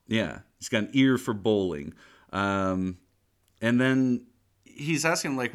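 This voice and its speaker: A man on a podcast, casually retelling a movie scene by scene and acting out the characters' lines in quick voices. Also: medium pitch, lively intonation. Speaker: podcast co-host. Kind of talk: casual movie recap chat.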